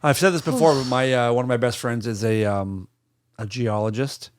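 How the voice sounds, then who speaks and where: A man co-hosts a podcast at a middle pitch, recorded close and dry. He chats casually, teasing his co-host and cracking quick jokes. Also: steady tone, smooth, no room sound. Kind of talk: casual chat.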